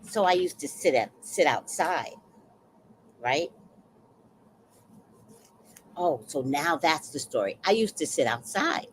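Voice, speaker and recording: Animated woman talking slowly on a livestream. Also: low voice, a little hiss or hum. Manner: emotional, animated storytelling. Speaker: livestream host. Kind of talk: casual livestream talk, reading chat.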